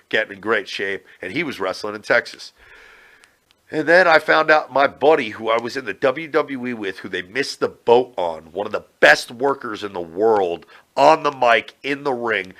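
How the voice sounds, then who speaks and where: A man, a former pro wrestler, telling brash, profane stories as a podcast guest. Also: on the low side. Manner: brash, profane, animated storytelling. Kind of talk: casual interview chat.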